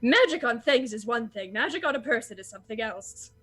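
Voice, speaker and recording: A woman voicing a timid blind male wandering bard who speaks quietly and slowly. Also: a little high, animated, soft background music.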